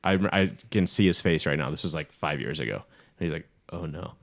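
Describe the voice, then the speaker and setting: Male podcast co-host, deep voice, jokey and lively in retelling. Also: fairly quick, creaky. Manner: joking storyteller, lively retelling. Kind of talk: casual chat.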